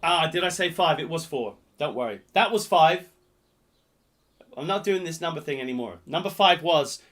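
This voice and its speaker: A man hosting a live-streamed pub quiz, jokey and rambling, swinging between loud announcements and muttered asides. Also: on the high side, lively intonation, normal speed. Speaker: quiz host.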